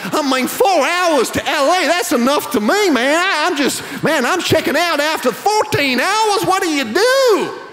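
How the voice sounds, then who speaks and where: A preacher putting on a whiny traveler's mock accent. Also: male voice, very high voice, expressive, a little slow, a bit bright, pitched above the performer's own voice, exaggerated voice. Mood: exasperated. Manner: exaggerated, whining exclamations. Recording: long reverb of a large church hall.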